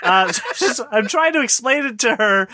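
A man in his thirties co-hosting a podcast, chatting about a movie in an animated, laughing, self-mocking way. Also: high voice, moderate pace, no echo, clean studio sound. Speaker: podcast co-host. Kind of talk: casual movie chat.

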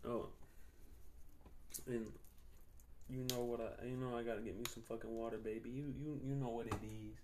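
Young man, podcast host, casual storytelling, slangy and profane, mid-pitched voice, rambling. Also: steady tone, moderate pace, pauses often, background noise. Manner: loose, profane, slangy and rambling, laughing often.

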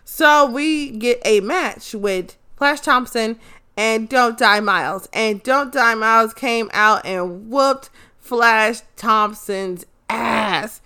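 A young woman casually recapping a wrestling episode, excitable and swearing freely, often losing track of names. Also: a little high, slow, clear, resonant tone. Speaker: show recap host.

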